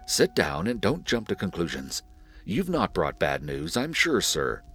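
A man's voice: sits low, wildly swooping pitch, measured pace, soft background music, pitched above the performer's own voice, exaggerated voice. A man voicing an elderly father, insistent and later dazed, in a storybook reading. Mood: hasty. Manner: insistent, then dazed and gentle.

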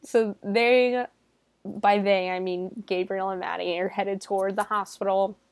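A woman's voice: mid-range voice, steady tone, unhurried, dry recording. Young woman, casual film recap, chatty, irreverent, swears, laughs a lot, dry close sound. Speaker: movie reviewer.

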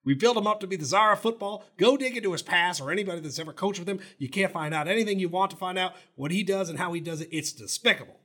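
A man's voice: sits high, fast talker, hardly any pauses, pushed and bright, voice pushed up. A man doing an impression of an indignant middle-aged football coach, ranting defensively at a press conference. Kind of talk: podcast impression.

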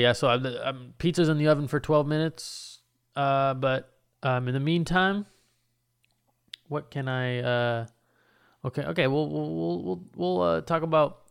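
A man's voice: medium pitch, smooth. A young man hosting a solo podcast from his apartment, rambling in a laid-back, profane, self-mocking way. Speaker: podcast host. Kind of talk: casual solo podcast chat. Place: home apartment.

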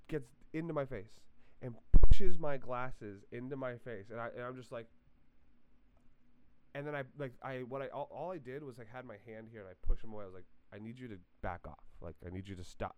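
Podcast co-host, male, mid-pitched, resonant, chatty anecdote delivery with lots of "like.". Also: moderate pace, clean tone. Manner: animated, full of "like" fillers and restarts. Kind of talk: casual storytelling.

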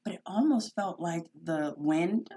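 Lower-voiced woman in her thirties. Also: lively intonation, a little slow, mellow. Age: 30s. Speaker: podcast guest. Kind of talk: casual chat.

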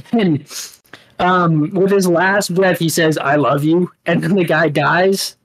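A man co-hosting a casual podcast, telling a long story in a halting, rambling way and laughing as he goes. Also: high voice, fairly even intonation, fairly bright tone, poor audio. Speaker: podcast co-host. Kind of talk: casual chat.

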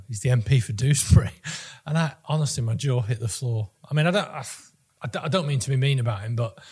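A man's voice: mid-range voice, darkish tone, breathy edge. A man co-hosting a political podcast, talking in a casual, opinionated way and often restarting his sentences. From Northern England. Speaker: podcast co-host.

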